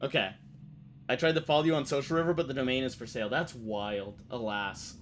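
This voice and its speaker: A man's voice: medium pitch, fairly even intonation, fairly quick, slight background noise. A man streaming a game, chatting loosely with plenty of swearing as he reacts to what he reads on screen. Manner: loose, profane, reacts aloud while reading. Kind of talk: let's play gaming commentary.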